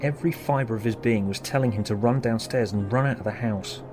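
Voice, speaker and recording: A man telling a horror story in a measured, dramatic way, with music playing behind. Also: medium pitch. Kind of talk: scripted horror narration. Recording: narration over music.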